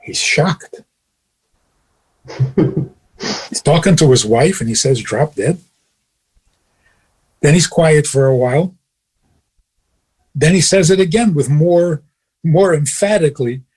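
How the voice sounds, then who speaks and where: A man with a fairly high, husky voice gives a radio teaching as a rabbi. He chuckles often as he talks and drives his points home with pointed rhetorical questions. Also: unhurried, pauses often, a little mellow. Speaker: rabbi and radio show host. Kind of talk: teaching talk on a radio show.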